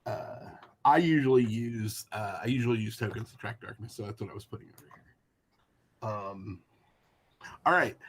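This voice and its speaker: A man acting as game master, describing the scene with frequent fillers and restarts. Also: fairly low pitch. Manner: hesitant, lots of fillers and restarts. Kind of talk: running a tabletop game.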